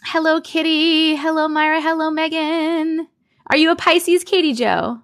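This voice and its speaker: Upbeat woman host, thirties, bright high voice, reads chat comments on a desk mic. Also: fairly even intonation, a little slow. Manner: bubbly, greets viewers by name, reads comments aloud. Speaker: live-stream host. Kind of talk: casual live-stream chat. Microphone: desk condenser mic.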